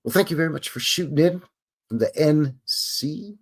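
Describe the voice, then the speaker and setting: A man from Canada with a slightly high voice, lively intonation and normal speed hosts a livestream. He makes casual, rambling conversation with live viewers and keeps asking himself questions.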